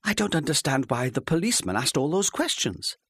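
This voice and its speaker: A man voicing an anxious fifty-year-old wife who speaks softly and tentatively. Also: fairly high pitch, big pitch swings, brisk, slightly rough, dry recording, studio quality, voice pushed up, full character voice. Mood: patient worry. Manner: soft, tentative, pleading.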